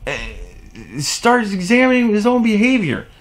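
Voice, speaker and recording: A man's voice: very high voice, animated, normal speed. A man delivering an exasperated, profane opinion rant on his vlog, with sarcastic asides. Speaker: vlogger.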